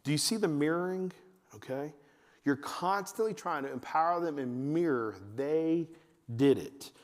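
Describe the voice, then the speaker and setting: A man giving a talk to fathers at church, telling family stories and acting out his kids in a high voice. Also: measured pace. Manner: animated storytelling, acts out his kids in a high voice. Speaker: men's ministry speaker. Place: church hall. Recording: long hall reverb.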